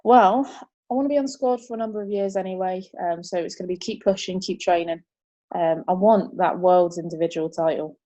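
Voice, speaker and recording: A young woman, chatting as an interview guest, upbeat and quick to laugh. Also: fairly low pitch, mellow. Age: 20s. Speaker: martial arts competitor, interview guest. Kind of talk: casual interview chat.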